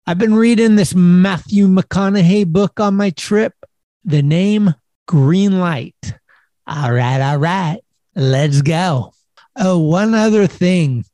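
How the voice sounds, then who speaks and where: Laid-back male host with a slightly raised pitch and a dry close-mic sound, slangy and casual. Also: slow, mellow, no room sound. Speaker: podcast host. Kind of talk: casual chat.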